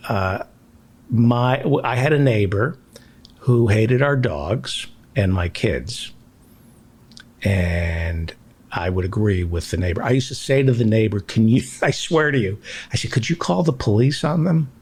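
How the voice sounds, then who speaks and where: A man hosting a comedy podcast, telling an anecdote in an animated, laughing way. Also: on the low side, a little slow, slightly rough. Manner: animated storyteller, laughing as he tells it. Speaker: podcast host. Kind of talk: casual comedic chat.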